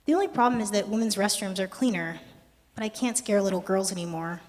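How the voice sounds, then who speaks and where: A young adult poet giving a poetry reading with a wry, conversational, deadpan delivery. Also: medium pitch, quick pace. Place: art gallery performance space. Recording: long reverb of a gallery hall.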